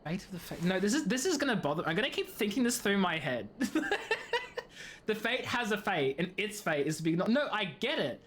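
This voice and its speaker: A woman streaming a game, chatting in an animated, rambling way with lots of tangents and giggling. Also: mid-range voice, quick pace, few pauses, a little hiss or hum. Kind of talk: gaming stream commentary.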